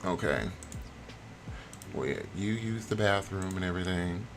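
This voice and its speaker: A man's voice: low-pitched, lively intonation, measured pace. A man streaming a life-sim game, chatting playfully to his viewers as he narrates. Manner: chatty, playful, talks to chat. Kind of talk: casual game commentary.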